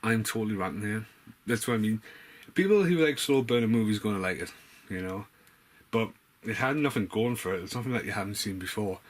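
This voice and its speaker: A man's voice: lowish voice, brisk. A man giving a casual, rambling film review vlog, blunt and full of swearing.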